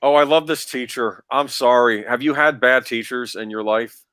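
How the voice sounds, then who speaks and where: A man's voice: mid-range voice, normal speed, fairly bright tone, clean tone, no echo. A man casually talking through a film rewatch as co-host, rambling with frequent laughs and restarts. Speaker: podcast co-host.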